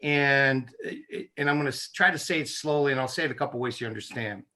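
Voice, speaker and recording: A man's voice: medium pitch, fast, bright, forceful tone. A man speaking as an interview guest, making his points in an emphatic, persuasive way. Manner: emphatic, persuasive, punchy repetition. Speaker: guest, chiropractic neurologist. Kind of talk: casual interview chat.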